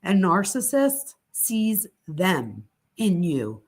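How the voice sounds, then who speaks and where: A woman's voice: mid-range voice, sing-song, very slow. A middle-aged woman hosting a live psychology talk stream, speaking candidly and chattily with casual swearing. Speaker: host.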